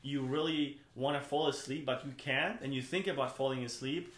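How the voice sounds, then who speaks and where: A man's voice: mid-range voice, fairly even intonation, normal speed, a bit bright, echoey room. A man, a guest on a podcast, chatting casually and rambling with many restarts. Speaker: podcast guest, brand co-founder. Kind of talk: casual interview chat.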